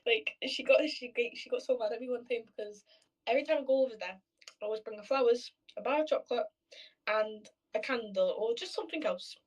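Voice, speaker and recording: A woman's voice: fairly high pitch, fast, recorded from a distance, poor audio. A young woman in casual chat on a video call, telling stories freely with swearing and acted-out quotes. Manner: chatty storyteller, swears freely, acts out quoted voices.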